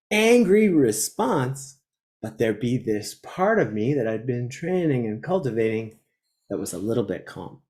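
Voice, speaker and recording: A man in his forties talks as a guest about mindfulness practice. His pitch swings widely, and he laughs often between rhetorical questions. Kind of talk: conversational interview.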